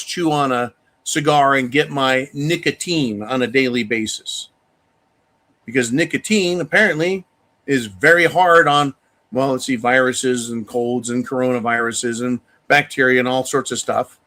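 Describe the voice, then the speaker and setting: A man's voice: mid-range voice, bright, forceful tone. A man hosting a live talk stream, ranting bluntly with profanity and speaking straight to his viewers and donors. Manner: addresses viewers directly. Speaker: livestream host reading viewer donations. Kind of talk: casual ranting talk show.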